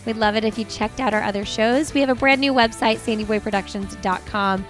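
A woman's voice: fairly high pitch, a little fast, soft background music. A woman hosting a podcast, chatty and upbeat as she introduces a guest and interviews her. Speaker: podcast host.

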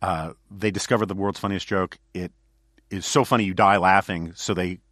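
A man's voice: low voice, fairly even intonation, moderate pace, a bit bright, no echo, clean studio sound. A man hosting a podcast, telling rambling stories in casual chat with many fillers and restarts. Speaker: podcast host.

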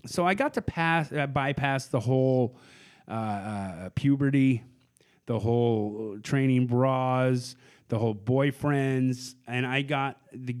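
A man in his forties, a comedian from Portland, talks slowly in a mid-range voice during casual podcast chat. As a guest he spins rambling stories, voicing the other people in them.

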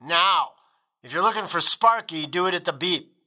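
A cocky young man delivers a curt, snarky machine greeting, as a man plays him. His voice is very bright. The lines come out clipped. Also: sits high, animated, moderate pace, full character voice.

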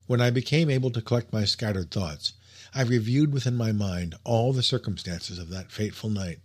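A man narrating a classic story in a measured, expressive literary reading. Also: lowish voice, husky. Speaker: audiobook narrator. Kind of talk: scripted narration.

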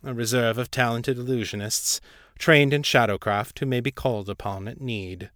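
A man voicing a cold, patronizing ancient devil prince with a low, unrelenting voice. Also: moderate pace, fairly bright tone, no room sound, studio quality, close to an everyday voice. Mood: condescending.

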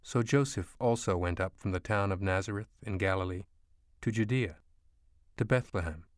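Soothing older mom, male narrator doing her, soft and quiet, dry close sound. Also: sits low, moderate pace, no room sound, lightly acted. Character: gentle comforting older mother at a deathbed. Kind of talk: audiobook character voice.

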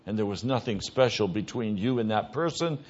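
Male pastor, sermon delivery, emphatic, hushed to loud; muffled low-fidelity recording. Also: lively intonation, fairly quick.

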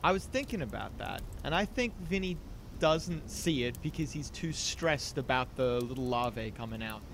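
A man playing a tabletop horror game, describing his character's actions in an animated, rambling way. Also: mid-range voice, moderate pace, slight background noise. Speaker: player.

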